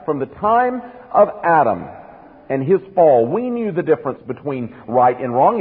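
A man's voice: a little high, breathy edge. A man preaching a sermon in an earnest, emphatic teaching manner, asking his listeners rhetorical questions. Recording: phone-like radio broadcast in a reverberant hall.

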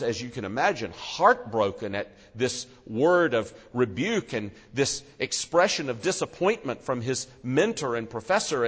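A man's voice: a bit bright, slightly rough. Earnest male preacher in a reverberant hall. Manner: earnest, slows and drops low for solemn emphasis. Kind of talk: expository sermon. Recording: long reverb of a large hall.

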